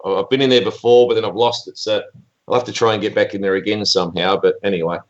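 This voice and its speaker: A man's voice: fairly low pitch, fairly even intonation, quick pace. An Australian man calling in to a radio show, easygoing and chatty. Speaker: caller. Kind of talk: casual phone-in chat. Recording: dull lo-fi call audio.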